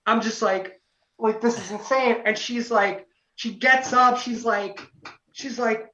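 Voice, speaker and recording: A young man telling a casual story as a podcast guest, lively, acting out quotes, with lots of "you know" fillers. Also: sits high, takes it slowly, a little hiss or hum. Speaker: podcast guest, former singing contestant. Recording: roomy, distant, dull lo-fi sound.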